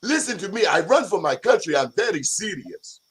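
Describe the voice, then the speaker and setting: A man's voice: high-pitched, sing-song, brisk, a bit bright, slightly rough, pitched above the performer's own voice, heavily acted. A man putting on a bossy man. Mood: stern. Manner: commanding, mock-serious. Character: stern bossy West African man.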